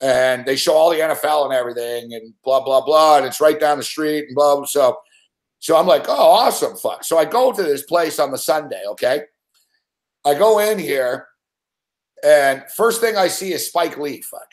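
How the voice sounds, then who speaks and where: A man's voice: a little high, expressive, normal speed. A middle-aged man telling a long anecdote in casual chat, rambling and swearing constantly. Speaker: sports betting show regular. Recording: roomy echo.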